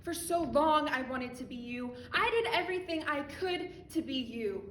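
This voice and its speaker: A woman's voice: sits high, animated, normal speed, hardly any pauses, fairly bright tone, a little hiss or hum. A teenage girl performing a spoken word poem on a school theatre stage in a defiant, impassioned manner. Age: teens. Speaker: student poet. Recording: echoey hall from a distance.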